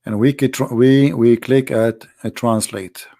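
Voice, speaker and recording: A man with an Arabic accent hosting a live stream, reading and translating a text aloud in halting English with many restarts. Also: medium pitch, fairly even intonation, dark tone. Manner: halting, restarts and searches for words.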